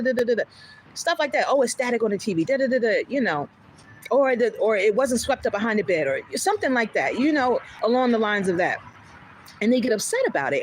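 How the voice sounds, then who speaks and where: A woman's voice: fairly high pitch, slight background noise, poor audio. A woman chatting casually on her livestream, candid and outspoken, swearing freely and acting out other people's lines as she tells stories. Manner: animated storyteller, acts out others' lines. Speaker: vlogger. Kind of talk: casual chat to a livestream audience.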